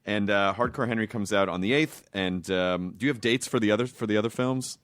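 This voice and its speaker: A man's voice: lowish voice, fairly quick, fairly bright tone. An American man hosting a podcast, chatting casually and enthusiastically with many restarts. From United States. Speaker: podcast host. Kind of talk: casual interview chat.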